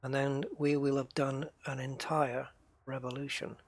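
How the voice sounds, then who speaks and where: A man's voice: mid-range voice, little pitch movement, a little slow, creaky, no room sound. A man with an English accent, a game streamer chatting casually with viewers during a live stream and musing aloud as he plays. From United Kingdom.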